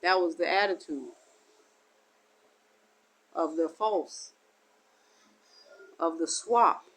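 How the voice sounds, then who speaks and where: Animated woman preaching spiritual talk. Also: drawn-out words, rough recording. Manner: animated, acts out dialogue in shifting voices; low, hushed closing blessing. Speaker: spiritual channeler.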